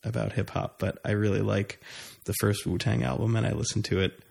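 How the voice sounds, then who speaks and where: A young man in casual conversation, talking in a relaxed, rambling way with frequent hesitations. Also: fairly low pitch, a little fast, vocal fry. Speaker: conversation partner. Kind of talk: casual chat.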